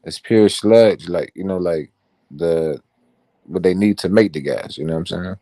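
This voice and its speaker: A man with a lowish, mellow voice chats loosely, dropping "like" often and swearing freely. The sound is dry and close. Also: moderate pace, no room sound. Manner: loose, profane, says "like" a lot. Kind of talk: casual chat.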